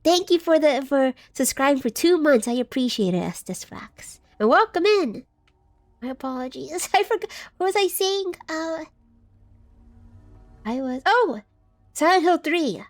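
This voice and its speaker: A woman's voice: high voice, animated, a little slow, faint music behind. A woman streaming a game live, chatting casually and reading chat aloud, scattered and giggly as she loses her train of thought.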